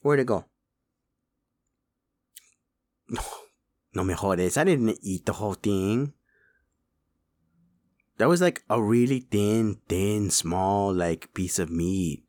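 A man's voice: fairly low pitch, very animated, slow, pauses often, darkish tone, exaggerated voice. A man voicing a small, hungry male chupacabra who is cheeky and boastful, slipping Spanish words into his English. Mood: indignant. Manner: mixes Spanish words into English, whiny and pushy. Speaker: voice performer.

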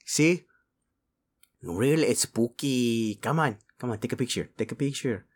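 A man's voice: medium pitch, animated, measured pace, breathy edge. A man voicing a small, hungry male chupacabra who is cheeky and boastful, slipping Spanish words into his English. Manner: mixes Spanish words into English, whiny and pushy. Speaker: voice performer.

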